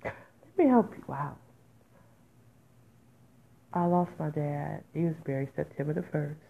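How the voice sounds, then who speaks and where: Her voice is low and gravelly, her pace measured, as she hosts a podcast with an emotional personal monologue. She speaks informally and in dialect, candid and prone to raw, emphatic outbursts. The recording has a tinny, phone-like quality.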